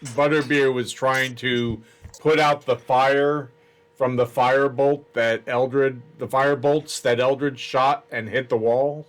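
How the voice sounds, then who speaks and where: A man's voice: mid-range voice, a bit bright. A man narrating a tabletop role-playing game as game master.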